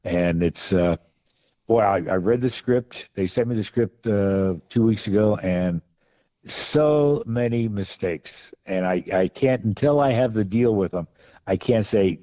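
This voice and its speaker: Low mellow man telling wry anecdotes. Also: measured pace, no room sound, muffled recording. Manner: rambling, wry, many restarts and fillers. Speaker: podcast guest, film costume and gun expert. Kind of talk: casual anecdotal storytelling.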